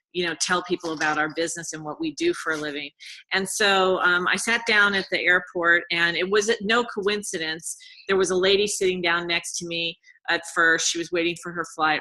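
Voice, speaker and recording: A woman's voice: fairly low pitch, pushed and bright, low-quality recording. A woman telling a casual story in a chatty way, retelling a conversation with fillers. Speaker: co-host.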